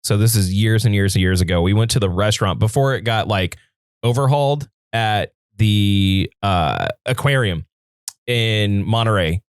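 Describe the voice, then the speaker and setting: A man's voice: on the low side, normal speed, clean tone, no echo, studio quality. A man co-hosting a podcast, telling a story with lots of swearing and acting out his own angry rants. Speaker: podcast co-host. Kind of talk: casual chat.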